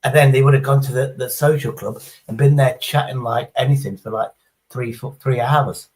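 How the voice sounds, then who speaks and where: A man's voice: mid-range voice, fairly even intonation, moderate pace, a little mellow, rough recording. A middle-aged man, chatting casually on a livestream in a rambling, sweary, sarcastic way. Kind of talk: casual chat.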